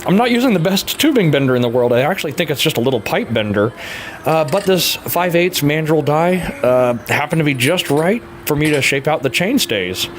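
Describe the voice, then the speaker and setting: A man's voice: on the high side, animated, a little fast, slight background noise. A man casually narrating a bicycle frame build in his workshop, laid-back and chuckling often, with plenty of "uh" fillers. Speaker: hobby frame builder and vlogger.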